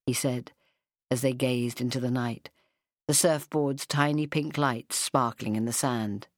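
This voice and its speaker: Very low-voiced woman reading a story. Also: fairly even intonation, a little slow, no room sound, clean studio sound. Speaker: narrator.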